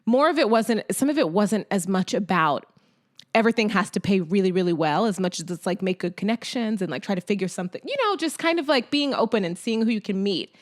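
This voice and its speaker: A woman's voice: medium pitch, expressive, quick pace. An American woman from Oklahoma, a television journalist, telling her story in a chatty, laughing way with lots of "like". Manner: chatty, laughs easily, uses "like" as filler. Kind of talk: casual interview storytelling.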